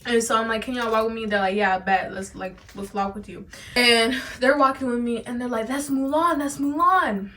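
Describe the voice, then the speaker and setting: A woman's voice: fairly high pitch, a little fast. A teenage girl telling a storytime vlog to her phone camera, talking animatedly, swearing, stuttering now and then and acting out what others said. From United States. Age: teens. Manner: animated, swearing, acts out quoted lines. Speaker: vlogger.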